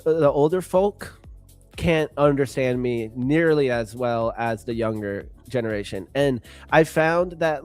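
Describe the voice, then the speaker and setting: A man's voice: fairly high pitch, a little mellow. A man with a Californian accent, co-hosting a livestream in a rambling casual chat full of fillers. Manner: chatty, rambling with many "like" fillers. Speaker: livestream co-host.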